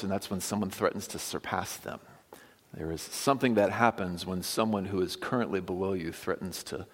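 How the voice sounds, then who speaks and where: Man, pastor, sermon, low voice, emphatic then hushed, long reverb. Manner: emphatic, swings from loud stresses to quiet drops.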